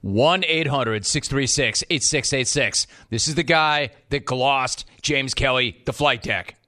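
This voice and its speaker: A man hosting sports talk radio, taking calls with a sarcastic, rapid-fire manner. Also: medium pitch, pushed and bright. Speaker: radio show host.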